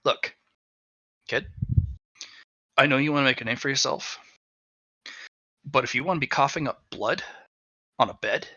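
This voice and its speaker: A man voicing a grim, wary veteran monster hunter who speaks low, quiet and threatening. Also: moderate pace, pauses often, dry recording, dull audio.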